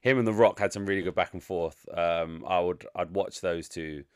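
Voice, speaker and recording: A man's voice: sits low, moderate pace, clean tone, no echo, clean studio sound. A man giving a casual, frank and rambling spoken movie review, full of opinions. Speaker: film reviewer.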